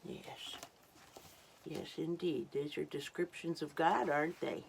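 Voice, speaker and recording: Slow gentle woman reading to children. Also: low-pitched, fairly even intonation, creaky, noisy background. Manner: gentle, exclamatory asides to children. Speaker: storytime reader. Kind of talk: reading a picture book to children.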